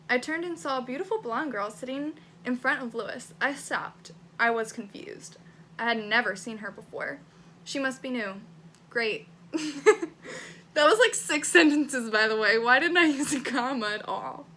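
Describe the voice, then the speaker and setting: A woman's voice: on the high side, normal speed, bright, forceful tone, a little hiss or hum. A young woman vlogging casually, reading her old teenage writing aloud, swearing freely and laughing at herself. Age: young adult.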